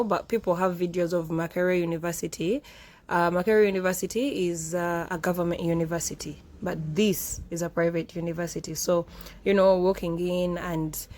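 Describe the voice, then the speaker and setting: Chatty woman vlogging a campus walk. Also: on the low side. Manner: chatty, tags lines with "yeah?" and "eh?". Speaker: vlogger giving a campus tour. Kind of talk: casual walking tour vlog. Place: outdoors on a campus.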